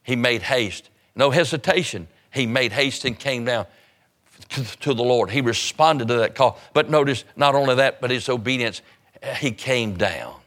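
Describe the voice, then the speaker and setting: A man's voice: mid-range voice, moderate pace, a bit bright. A man preaching an evangelistic sermon, urgent and fervent, hammering home repeated phrases.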